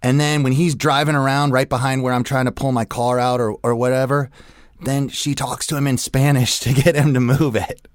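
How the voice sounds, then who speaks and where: A man's voice: mid-range voice, level tone, normal speed, no room sound, studio quality. A young adult man hosting a radio show, delivering a crude, profane, rambling comedic rant.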